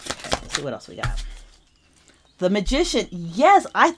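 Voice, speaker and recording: Young female tarot reader, deep-set voice, expressive and repetitive delivery. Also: a little fast. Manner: animated, repeats phrases for emphasis. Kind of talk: casual tarot reading monologue.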